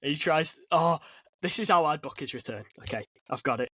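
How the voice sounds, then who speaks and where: A man co-hosting a casual podcast, talking excitedly and rambling with frequent restarts. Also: a little high, brisk, a little hiss or hum. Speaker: podcast co-host. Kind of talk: casual chat. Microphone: podcast mic.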